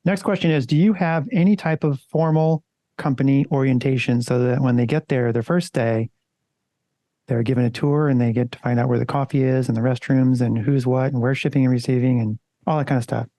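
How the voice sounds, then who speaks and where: A man's voice: medium pitch, fairly even intonation, a little fast, dark tone, dry recording. A man co-hosting a casual podcast, talking loosely and conversationally and swearing now and then. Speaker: podcast co-host.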